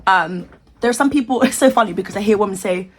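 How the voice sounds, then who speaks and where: A woman's voice: medium pitch, fast. A young British woman from the UK giving sassy, outraged celebrity commentary in a casual vlog, with exaggerated reactions. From United Kingdom. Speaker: commentary vlogger.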